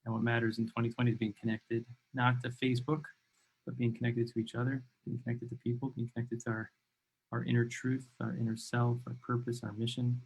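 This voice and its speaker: A man's voice: medium pitch, monotone, a little fast, husky. Man, interview host, eager, rambling, repeats himself, video call. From New York. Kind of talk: conversational interview.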